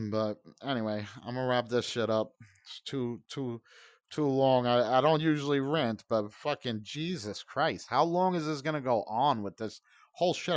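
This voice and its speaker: A man's voice: medium pitch, no echo, studio quality. A man in his forties hosting a gaming channel, ranting in profane, heated, rambling commentary. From United States.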